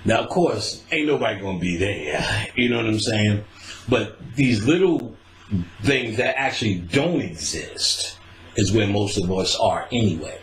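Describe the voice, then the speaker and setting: Male host, lively swooping delivery, laughs a lot, acts out quotes, echoey room. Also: fairly low pitch, measured pace. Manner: animated, laughs often, acts out quoted lines. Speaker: podcast host. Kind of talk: casual profane storytelling chat.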